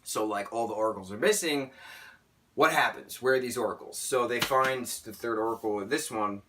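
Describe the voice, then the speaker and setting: Excitable young man rambling, bright tone. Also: mid-range voice, normal speed, far from the mic, slight background noise. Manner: rambling, excitable, many restarts and stammers. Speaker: book reviewer. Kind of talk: casual book review vlog.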